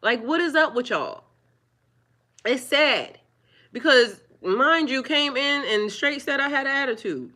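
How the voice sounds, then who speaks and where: Woman live-streamer scolding trolls, bright voice. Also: sits high, animated, measured pace. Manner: firmly scolding trolls, preachy. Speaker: livestreamer. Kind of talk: live-stream chat with viewers.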